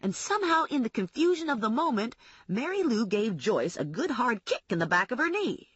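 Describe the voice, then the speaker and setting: Wry, husky woman narrating an audiobook. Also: fairly high pitch, very animated, no room sound, lo-fi sound. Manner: wry, brisk first-person storytelling.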